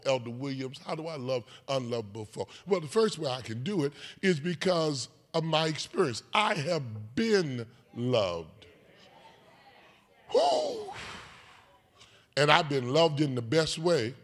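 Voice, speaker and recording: An older man preaching a sermon, moving between quiet storytelling and shouted, sung call-and-response. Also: fairly high pitch. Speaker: pastor. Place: large church sanctuary. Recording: long church-hall reverb.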